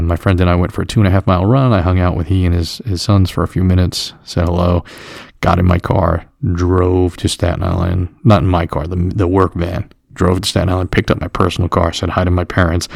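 A man's voice: low-pitched, gravelly, a little mellow, dry recording, studio quality. A middle-aged American man co-hosting a podcast, telling a rambling, cursing story about his busy weekend in casual chat. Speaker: podcast co-host.

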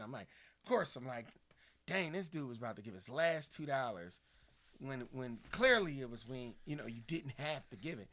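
A man co-hosting a podcast, chatting casually and telling stories with lively acted-out quotes. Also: medium pitch, moderate pace. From Philadelphia area. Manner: animated storytelling, acts out quoted people. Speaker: podcast co-host. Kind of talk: casual conversation.

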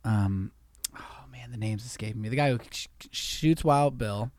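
A woman's voice: a bass voice, normal speed, darkish tone, dry recording, clean studio sound. A woman chatting casually and enthusiastically, swearing freely. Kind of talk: casual chat.

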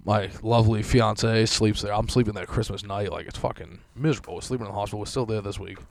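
A man's voice: fairly low pitch, steady tone, fast talker, gravelly. A young man telling a long, rambling, profane story in casual chat, full of fillers.

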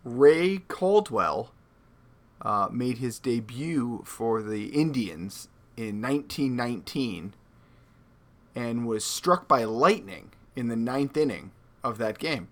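A man co-hosting a podcast in casual chat, joking and animated with quick asides. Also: mid-range voice. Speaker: podcast co-host.

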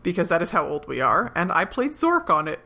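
A woman's voice: on the low side, very animated, brisk, pushed and bright, breathy edge. A woman in her forties co-hosting a podcast, chatting casually about a TV episode, laughing often and trailing off into asides. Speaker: podcast co-host. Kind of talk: casual chat recapping a TV episode.

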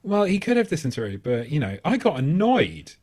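A man in his thirties spins a rambling, sweary story on a podcast, his pitch bouncing all over as he goes. He keeps undercutting himself and breaking into laughter. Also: huge pitch swings, brisk, a little mellow. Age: 30s. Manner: rambling, sweary, self-mocking, laughs a lot. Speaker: podcast co-host. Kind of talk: casual comedic storytelling.

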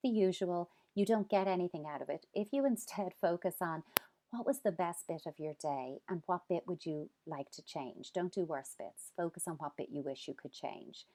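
A woman's voice: fairly low pitch, moderate pace, dark tone. A woman giving earnest parenting advice in a conversation, acting out examples as she goes. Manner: earnest, explains with quoted examples. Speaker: parenting expert guest.

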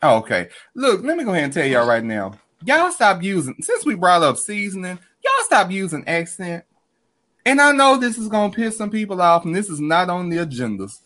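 Animated, swearing male livestream host. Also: high-pitched, brisk. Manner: animated, swears freely, laughs often. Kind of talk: casual chat with viewers.

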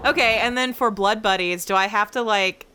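A woman's voice: medium pitch, moderate pace, pushed and bright, a little hiss or hum. A woman from the United States co-hosting a podcast, asking playful, teasing questions. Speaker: podcast co-host. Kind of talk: casual podcast chat.

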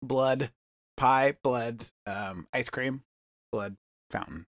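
A man co-hosting a comedy podcast, rambling through improvised bits and letting his words trail off into low murmurs. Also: extremely slow, a bit bright, no room sound, clean studio sound.

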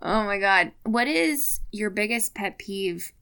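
Gravelly, playful woman chatting. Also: medium pitch, expressive, takes it slowly, sharp tone. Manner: playful, swears freely, laughs often. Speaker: podcast guest. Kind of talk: casual chat.

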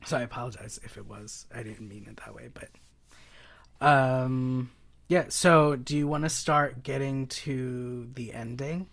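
A podcast co-host in casual film chat who speaks hesitantly, with frequent "um"s and halting phrases. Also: medium pitch, vocal fry.

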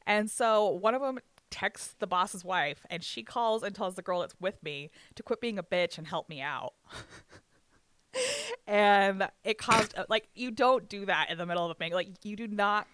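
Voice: medium pitch, normal speed, fairly bright tone, clear, resonant tone, no room sound. A speaker telling a work story in a casual chat, swearing freely and acting out what each person said, with laughs along the way. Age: adult with ten years of banquet work. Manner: swears freely, acts out quoted dialogue, frequent laughs.

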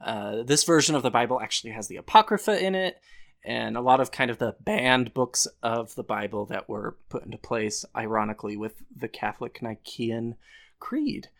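A man's voice: medium pitch, normal speed, vocal fry, fairly bright tone. A man co-hosting a casual podcast chat, explaining things and often breaking into laughter. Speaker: podcast co-host.

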